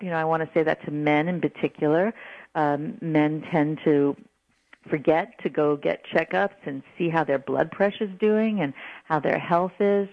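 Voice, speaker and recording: A woman's voice: sits low, normal speed, vocal fry, dry recording. Earnest woman giving parenting advice. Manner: earnest, animated, acts out quoted apologies. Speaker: parenting guest expert. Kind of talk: radio call-in advice talk. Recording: dull lo-fi radio broadcast.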